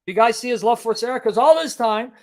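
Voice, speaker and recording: A man's voice: very high-pitched, expressive, a little fast, a little mellow. A man preaching in a livestream Bible teaching, impassioned and emphatic, firing rhetorical questions at his listeners. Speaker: Christian preacher and apologist.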